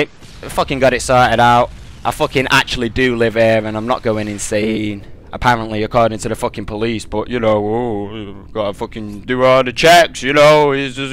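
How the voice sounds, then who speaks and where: A man's voice: on the high side, pushed and bright, no echo. A young British man in a gaming commentary rant, telling an angry, profane story.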